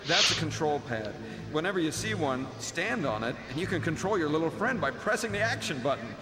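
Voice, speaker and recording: A glum robot mentor in a game. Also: male voice, a little high, big pitch swings, noisy background. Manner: slow, downbeat instructions. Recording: long reverb, loud game music. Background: game music.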